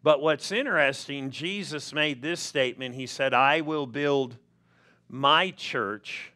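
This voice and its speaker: Slow, bright-voiced preaching man. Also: mid-range voice. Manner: slow, emphatic preaching with rising stresses. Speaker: pastor. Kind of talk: sermon. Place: church sanctuary.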